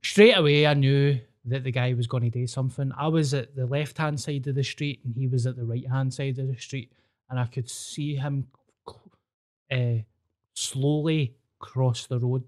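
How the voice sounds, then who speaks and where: A Scottish man with a mellow, relaxed timbre tells stories on a podcast. His talk is casual and peppered with swearing. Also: mid-range voice, normal speed. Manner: sweary, storytelling. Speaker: podcast host. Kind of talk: casual chat.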